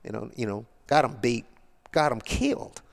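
A gravelly older man telling long stories as an interview guest. He speaks in a rambling, colloquial style, with his voice pitched in a mid range. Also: moderate pace. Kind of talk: casual storytelling.

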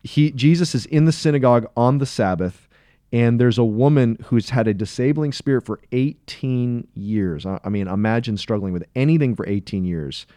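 Casual faith-podcast co-host, man, mellow and dry-sounding, earnest and rambling, corrects himself often. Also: medium pitch, moderate pace, no echo. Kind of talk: casual Bible discussion.

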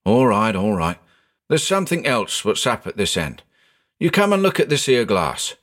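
A man's voice: lowish voice, big pitch swings, normal speed, fairly bright tone. A man voicing a chatty working-class male tram conductor who rambles in thick dialect, in a storybook reading. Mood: explaining.

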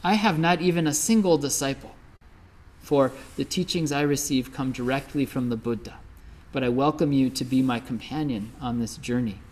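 The storyteller voices a calm, compassionate Buddhist teacher who speaks softly and patiently. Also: mid-range voice, moderate pace, natural voice. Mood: gentle. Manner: gentle, soft-spoken, patient.

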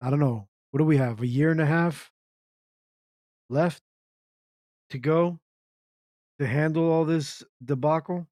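The host's voice is on the high side and a little mellow, his pace measured with frequent pauses, and the recording is dry and studio quality. Reacting to chat on his internet radio show, he rants casually, repeats himself, and asks question after rhetorical question.

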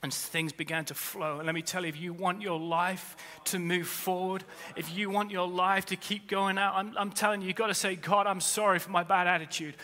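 A man's voice: high-pitched, flat delivery, normal speed, few pauses, bright, forceful tone. A man, a pastor, preaching a sermon in earnest, repeating key phrases for weight. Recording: long reverb of a large hall.

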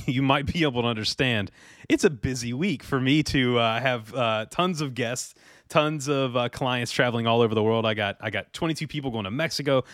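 A man's voice: mid-range voice, a bit bright, no room sound, studio quality. Friendly rambling male podcast host. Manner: friendly, rambling, quotes himself. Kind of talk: casual podcast chat.

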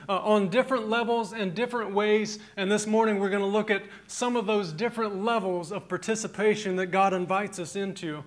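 A man in his thirties delivers a sermon in a notably high voice. He talks with animation, swinging from quiet, low asides to loud, emphatic peaks. He also weaves in humorous stories from family life. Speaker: pastor.

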